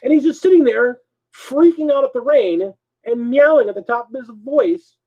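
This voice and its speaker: A man co-hosting a live show, telling a story in a casual, animated way. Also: very high voice, moderate pace, phone-quality sound. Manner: animated, swings between mutters and loud bursts. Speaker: co-host.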